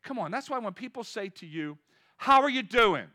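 Fifties male pastor, high and bright, energetic sermon delivery. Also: normal speed. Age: 50s. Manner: energetic preaching, rising loud then dropping to soft storytelling.

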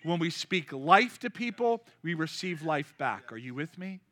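A man in his fifties preaching a lively, joking sermon with call-and-response. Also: fairly high pitch, moderate pace. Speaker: pastor.

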